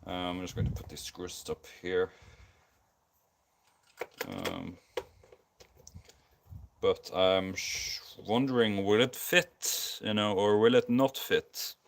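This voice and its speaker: Building a guitar on a live stream, this weary man with a Scandinavian accent talks slowly, leaving long pauses between casual, um-filled ramblings and restarts. His pitch is fairly low. A basic consumer mic captures him with slight background noise.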